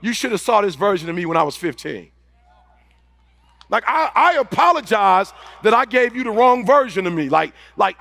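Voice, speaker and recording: A man giving a live motivational speech to an audience, talking fast in an impassioned, repetitive way and building up to shouting. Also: high-pitched, creaky, dry recording. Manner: fast-talking, rushing phrases. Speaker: motivational speaker.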